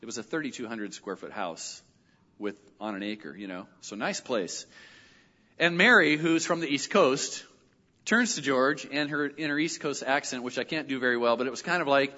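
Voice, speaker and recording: A middle-aged male pastor telling a personal story in a sermon, animated and lively when he quotes other people. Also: mid-range voice, normal speed. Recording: dull audio with long hall reverb.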